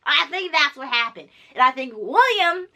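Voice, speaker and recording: A woman's voice: sits high, animated, normal speed, pushed and bright. A woman vlogger giving casual reaction commentary, blunt and emphatic, swearing freely and repeating her points.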